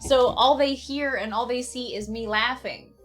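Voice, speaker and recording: A woman's voice: a little high, unhurried, soft background music. A woman casually telling an awkward personal story, rambling and often laughing at herself.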